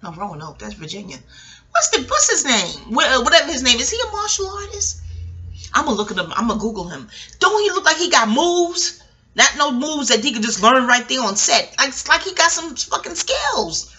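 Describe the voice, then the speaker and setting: A woman's voice: fairly high pitch, big pitch swings, a little fast, sharp tone. A middle-aged woman giving a rambling, profane TV recap, talking straight to her viewers and laughing often. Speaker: vlogger.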